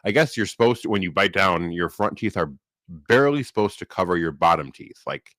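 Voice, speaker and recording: A man's voice: sits low, expressive, brisk, fairly bright tone, no echo. A man co-hosting a podcast in casual chat, talking with a slight lisp from new braces and rambling with restarts. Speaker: podcast co-host.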